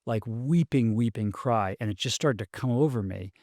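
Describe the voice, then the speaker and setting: Male guest, 40s, halting storyteller, mid pitch, dry. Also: a little mellow, no room sound. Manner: halting, restarts often, many ums. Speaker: podcast guest. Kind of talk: casual storytelling conversation.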